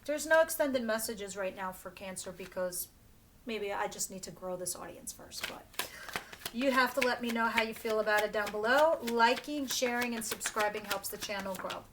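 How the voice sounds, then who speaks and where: A woman's voice: mid-range voice, normal speed, background noise. Chatty woman giving a blunt tarot reading. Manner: chatty and blunt, with filler words and self-corrections. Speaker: tarot reader. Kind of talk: casual tarot reading to camera.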